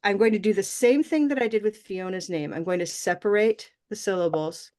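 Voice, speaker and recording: Woman teaching pronunciation, slow and clear. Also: mid-range voice, darkish tone. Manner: slow, clear modelling of sounds, repeating words for students. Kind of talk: online pronunciation class.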